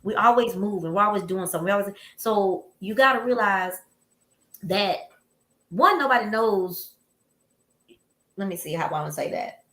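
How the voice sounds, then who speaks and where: Bright-voiced woman telling a story. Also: medium pitch, moderate pace, long pauses, echoey room. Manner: storytelling, animated and emphatic. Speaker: podcast co-host. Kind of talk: casual chat.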